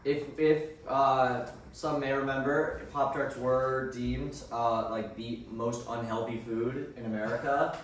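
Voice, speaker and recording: A man's voice: medium pitch, slow, few pauses, distant mic. A young man chats loosely over food, full of likes and ums, as he shares a taste test with a friend. His voice sits away from the mic in a very echoey room, with faint room hum behind him. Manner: relaxed, rambling, many likes and ums. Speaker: co-host. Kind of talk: casual chat while taste-testing food.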